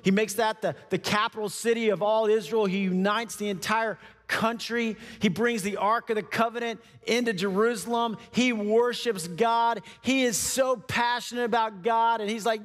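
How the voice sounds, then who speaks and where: A man preaching a sermon in a church, telling a scripture story in a lively, conversational way. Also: sits high, moderate pace, few pauses. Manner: animated, conversational, acts out the scenes. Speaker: pastor. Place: church auditorium. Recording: long church-hall reverb.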